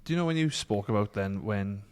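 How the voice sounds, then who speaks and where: A man hosting a podcast who asks gentle, probing follow-up questions in a casual interview. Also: lowish voice, expressive, brisk, clean tone. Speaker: podcast host.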